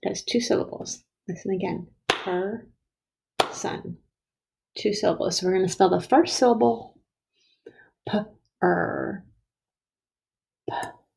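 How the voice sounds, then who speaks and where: A woman teaching first graders a phonics lesson, sounding out letters and syllables slowly and sometimes dropping to a whisper. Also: medium pitch, dark tone, a little hiss or hum, poor audio. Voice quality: gravelly and husky. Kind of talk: slow, careful phonics lesson.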